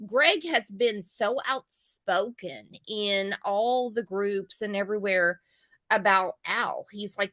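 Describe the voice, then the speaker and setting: A woman's voice: mid-range voice, slow, a bit bright, no echo, studio quality. A woman hosting a casual livestream chat, reading viewer comments aloud and chatting.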